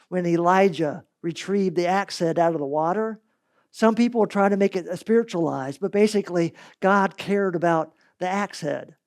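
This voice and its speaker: Male preacher, sermon delivery, animated storyteller, dynamic loud-to-soft swings. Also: high-pitched. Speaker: pastor.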